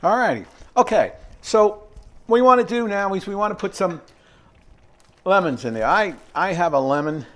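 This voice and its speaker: An older man shows off a recipe in his home kitchen in a high-sitting, expressive voice at normal speed. The casual demonstration wanders, chatty and full of fillers and asides.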